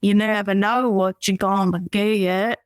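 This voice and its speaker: A woman doing an impression of a slow, simple-hearted Southern man, drawling the words out. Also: mid-range voice, fairly even intonation, clean tone, no echo, studio quality, lightly acted. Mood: earnest.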